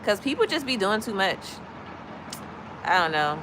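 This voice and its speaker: A woman from Chicago chatting to her live stream, telling blunt, animated stories in a casual, gossipy way. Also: medium pitch, normal speed, noisy background. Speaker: livestream host. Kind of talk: casual storytelling to live chat.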